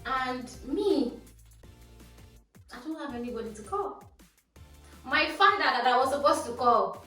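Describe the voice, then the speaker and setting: A young woman with a Nigerian accent telling a storytime vlog in a lively, animated way, dropping Pidgin phrases. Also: high voice, unhurried, pauses often. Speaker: vlogger. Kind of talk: casual storytime. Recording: echoey room, voice from a distance, faint music.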